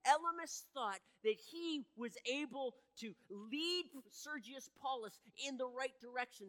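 A man's voice: very high-pitched, pushed and bright. Man preaching in an echoey hall. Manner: earnest preaching, building in intensity, with frequent restarts. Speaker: pastor. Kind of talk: sermon. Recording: echoey hall with long reverb.

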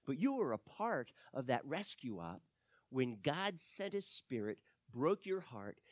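Emphatic sermon preacher, very expressive pitch, dry and close, swings between loud and soft. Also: dry recording. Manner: animated, emphatic storytelling preacher.

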